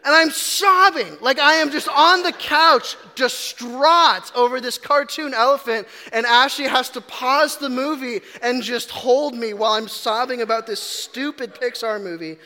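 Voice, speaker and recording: A man's voice: very high voice, measured pace, hardly any pauses, sharp tone. A man giving a casual, storytelling sermon, chatty and self-deprecating, with frequent ums and restarts. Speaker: preacher. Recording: long reverb of a large hall.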